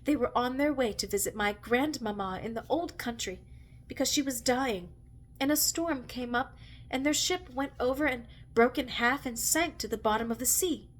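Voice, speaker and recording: A woman's voice: on the high side, moderate pace, slight background noise, lightly acted. A woman reading aloud, voicing an earnest, plaintive young girl in a storybook.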